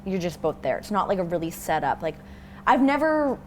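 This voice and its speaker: A woman's voice: on the low side, big pitch swings, fairly quick, slight background noise. A young woman from Toronto, chatting casually as an interview guest and rambling with plenty of fillers. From Toronto, Canada.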